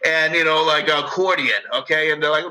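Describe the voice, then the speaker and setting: Bright-voiced man with a thick Northeastern US accent. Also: fairly high pitch, steady tone, fairly quick, low-quality recording. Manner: rambling, profane, heavy on fillers. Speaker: guest. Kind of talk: casual chat.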